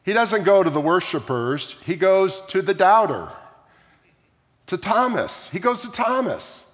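A man preaching a sermon as pastor, telling the story with lively questions to the congregation. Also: sits high, a little slow. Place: large church sanctuary. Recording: long hall reverb.

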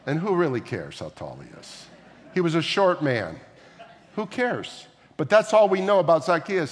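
A man preaching a sermon, explaining scripture in a loose conversational way and breaking off to put questions to his listeners. His voice sits fairly high for a man. The sound rings out with the long reverb of a large hall. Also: sing-song, normal speed. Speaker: pastor.

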